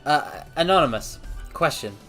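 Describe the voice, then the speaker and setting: A man streaming casual chat, theatrical and animated, calling his viewers mortals, a little out of breath. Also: fairly high pitch, moderate pace. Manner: animated, swings between loud outbursts and mock apologies. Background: faint background music.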